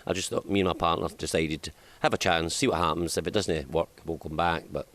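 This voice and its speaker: A man's voice: low voice, fairly even intonation, brisk, a bit bright. A man with a Scottish accent, a comedian chatting casually in an interview and laughing often at his own stories. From Scotland. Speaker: comedian guest. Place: outdoors in hot sunshine.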